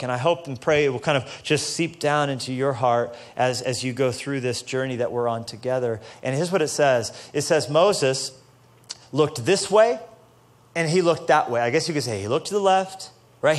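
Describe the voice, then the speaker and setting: A man preaching a casual, joking sermon to a church audience, building up to loud, passionate peaks. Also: mid-range voice, moderate pace. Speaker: pastor. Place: church stage before a live audience.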